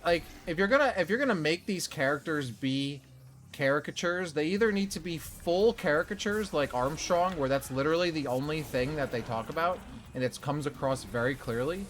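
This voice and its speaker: A man's voice: medium pitch, a bit bright, slight background noise. A man streaming a video game, chatting, laughing and critiquing it casually. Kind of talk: casual let's play commentary.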